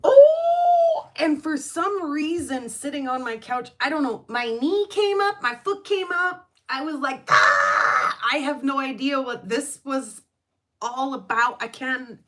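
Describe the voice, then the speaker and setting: A woman runs her rock-collecting channel in a relaxed, chatty way. Her voice sits a little high, and she takes her time. She laughs often and gushes with excitement. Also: measured pace. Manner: giggly and gushing, lots of laughter and fillers. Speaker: rock hounding channel host. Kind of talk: casual chat.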